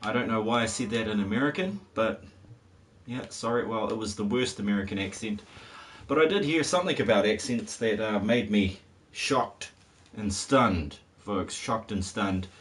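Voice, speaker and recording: A man's voice: on the low side, moderate pace, fairly bright tone, distant mic. A man, chatting in a rambling, wry way as he streams a game. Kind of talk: casual live-stream commentary. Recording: voice a bit off-mic with faint hiss.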